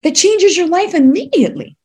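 A woman business coach, a podcast guest, telling her story in an emphatic, animated way. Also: very high voice, a little fast. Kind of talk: podcast interview.

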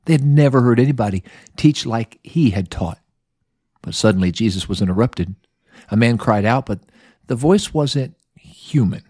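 A man's voice: mid-range voice, expressive, normal speed, warm tone, husky, no room sound, studio quality. Folksy man retelling a Bible story. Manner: folksy, playful asides. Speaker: Bible lesson podcast host.

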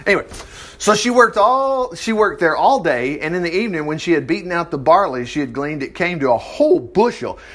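A man's voice: on the high side, expressive, brisk, fairly bright tone. A man reading a Bible passage aloud and breaking off into chatty, exclaiming commentary, sometimes losing his place. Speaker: Bible teacher.

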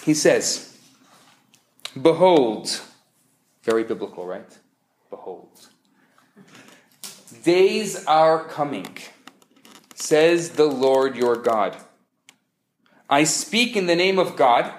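A man who is a rabbi, giving a humorous lecture as an animated storyteller with quick joke delivery. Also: fairly high pitch. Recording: echoey room.

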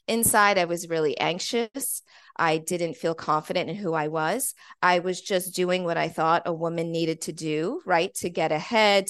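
A woman in her forties as a podcast guest, telling a personal story in an animated, chatty way, full of "like". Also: lowish voice, clear, resonant tone, no echo. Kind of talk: conversational storytelling.

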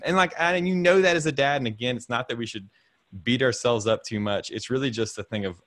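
A man in his thirties hosts a podcast over a video call, rambling about faith and fatherhood while repeating words and chuckling often. His voice sits at medium pitch with a slightly bright tone, moving at a moderate pace. The recording is dry.

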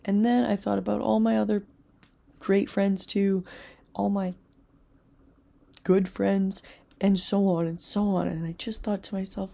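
A young woman hosting a self-help talk, earnest and rambling, sometimes dropping into soft whispers. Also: mid-range voice, moderate pace, creaky, slightly rough. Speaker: self-help podcast host. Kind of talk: casual motivational talk.

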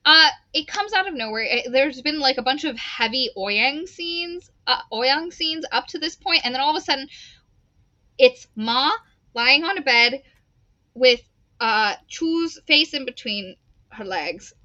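High bright-voiced giggly woman. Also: measured pace, dry recording, dull audio. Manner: animated and giggly, acting out quotes. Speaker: book club podcast co-host. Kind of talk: casual book discussion.

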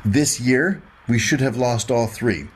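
A man's voice: medium pitch, slow, slightly rough. A man hosting a workshop who reads a scripted recap, then gets emotional and enthusiastic while introducing a guest. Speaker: moderator and host.

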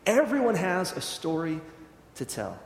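Animated preacher in an echoey hall. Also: male voice, high voice, a little slow, creaky. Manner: animated storyteller, acts out dialogue. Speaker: Presbyterian minister. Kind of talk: sermon storytelling. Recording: echoey church hall with long reverb.

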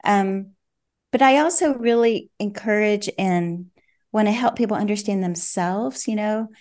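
An older woman who works as a parenting coach answers podcast interview questions reflectively and with measure, frequently saying "you know." Her voice is medium in pitch with a darkish tone.

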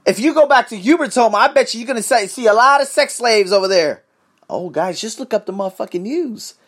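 A man's voice: high voice, lively intonation, fairly quick, fairly bright tone. A man hosting his own podcast, ranting in a profane, emphatic solo monologue. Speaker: podcast host.

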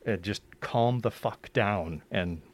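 A man with a somewhat low voice talks casually on a podcast about narrating an audiobook. He is blunt and swears freely. His voice sounds dry and close, with no room around it. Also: slow, no room sound. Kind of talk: casual chat.

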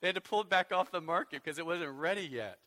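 Guy preaching in church, kinda high bright voice, goes quiet then booms. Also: fast talker. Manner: dynamic, swings from hushed to loud emphasis. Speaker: pastor. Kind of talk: sermon.

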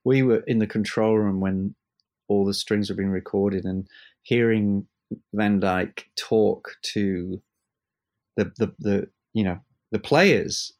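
Halting, chatty man telling studio stories. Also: lowish voice. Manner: halting, many restarts, animated storyteller. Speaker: musician guest. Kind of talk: casual interview chat.

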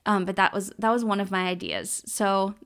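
A woman's voice: mid-range voice, fairly even intonation, moderate pace, a bit bright. A young woman, hosting her own podcast alone, talking in a rambling, heartfelt way full of fillers and close to tears. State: tearful, near crying. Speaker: podcast host. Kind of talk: solo podcast monologue.

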